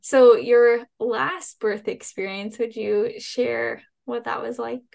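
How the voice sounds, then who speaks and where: A woman hosts an interview podcast with a somewhat high voice and a noticeable vocal fry. She responds to her guest in an affirming, reflective way and keeps the conversation moving. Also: fairly even intonation, slow, darkish tone. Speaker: podcast host.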